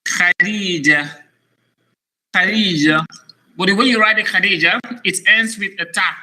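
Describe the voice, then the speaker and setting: A man teaching an Arabic lesson to a child, patient and slow, repeating each word to drill it. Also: high voice, fairly even intonation, pushed and bright, rough recording. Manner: patient, repeats words slowly to drill them. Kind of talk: one-on-one language lesson for a child.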